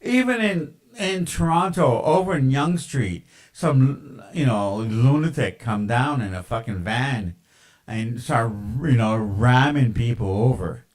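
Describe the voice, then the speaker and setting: A man's voice: mid-range voice, lively intonation, takes it slowly, rough recording. A man ranting in a casual, rambling monologue, with lots of profanity, fillers and tangents.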